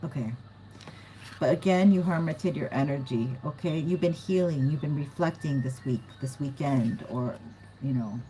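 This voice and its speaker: A woman's voice: low-pitched, moderate pace, warm tone, slight background noise, poor audio. A woman giving a casual, chatty tarot reading to her viewers, often giggling and acting out what other people might say. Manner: chatty, giggly, acts out quoted voices. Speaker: tarot reader.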